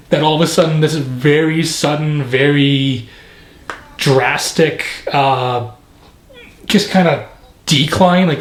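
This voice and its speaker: A man giving a casual, joking reaction review of a movie, sarcastic and rambling. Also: on the high side. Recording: roomy echoey room.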